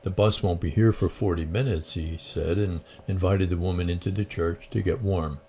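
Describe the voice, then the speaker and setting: A man's voice: low-pitched, fairly even intonation, moderate pace, warm tone, slight background noise. A man who hosts a Christian channel, reading a story aloud and then reflecting on it, often hesitant with fillers. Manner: hesitant with fillers when speaking freely.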